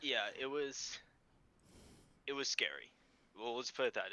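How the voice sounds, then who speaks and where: A teenage man hosting a casual podcast and telling a story in an animated way, swearing freely. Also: medium pitch, a little slow. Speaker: podcast host.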